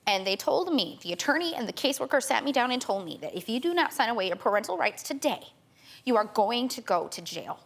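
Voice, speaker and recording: A woman's voice: fairly high pitch, sing-song, quick pace, gravelly. A young woman guest on a talk show giving an urgent personal account, stumbling and restarting often. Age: young adult. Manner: urgent, tearful retelling with many restarts.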